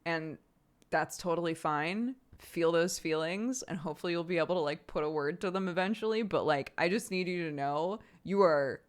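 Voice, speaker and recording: A woman's voice: lowish voice, moderate pace. A woman in her thirties hosting a live stream, chatting candidly and laughing at herself. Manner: candid and self-mocking, laughs often, acts out loud exasperated outbursts. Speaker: streamer host. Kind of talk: casual chat to a live stream audience.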